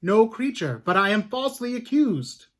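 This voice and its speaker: A man's voice: high-pitched, sing-song, normal speed, voice pushed up. A man voicing an accused beggar woman on trial, protesting her innocence indignantly.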